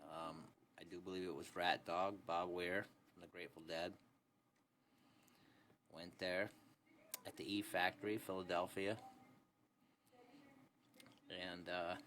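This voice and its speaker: A man's voice: deep voice, fairly bright tone. A young man casually telling a long story into a phone, laid-back and rambling, full of "anyways" and "this and that". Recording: phone recording with faint background hiss.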